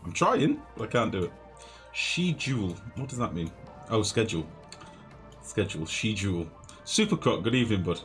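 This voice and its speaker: Low-voiced streamer over game music. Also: male voice, expressive, quick pace, hardly any pauses. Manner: chatty, flustered, self-mocking, greets chat viewers. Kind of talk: live-streamed gameplay commentary. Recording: music playing clearly behind voice.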